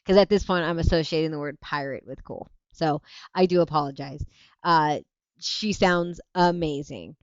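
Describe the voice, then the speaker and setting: Animated woman hosting a livestream chat. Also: low-pitched, no echo, lo-fi sound. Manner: animated, laughing often, self-interrupting. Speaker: livestream host. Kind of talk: casual chat reading viewer comments.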